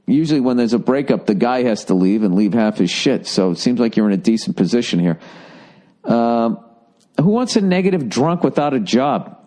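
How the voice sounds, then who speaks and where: A man's voice: medium pitch, expressive, dark tone. A man hosting a comedy podcast, reading a listener's letter and giving blunt, profane breakup advice in a casual rant. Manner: blunt and profane, lots of swearing; halting, with fillers and restarts before punchlines.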